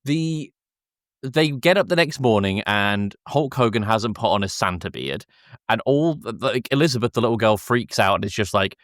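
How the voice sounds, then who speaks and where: A man co-hosting a podcast, retelling a film scene by scene in casual chat, laughing often and slipping into quick voices for the characters. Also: on the low side, a bit bright, dry recording, clean studio sound. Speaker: podcast co-host.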